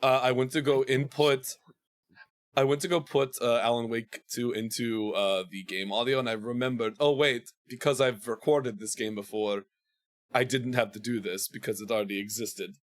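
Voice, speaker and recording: A man's voice: medium pitch, fairly even intonation, normal speed. A man hosting his own game stream, tired after days of streaming, joking and self-mocking as he greets viewers. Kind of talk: casual banter while streaming a game.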